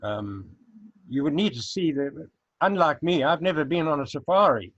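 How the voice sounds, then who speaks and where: An older South African man, a guest in a casual interview, reminisces unhurriedly with frequent hesitant fillers. His voice is on the high side and animated, with no room sound on a dull lo-fi recording.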